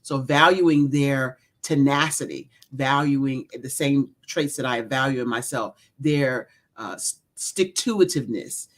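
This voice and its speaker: A middle-aged woman, an executive coach and author, speaking as an interview guest in an earnest, measured way. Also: extremely low pitch. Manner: earnest, measured, lists things.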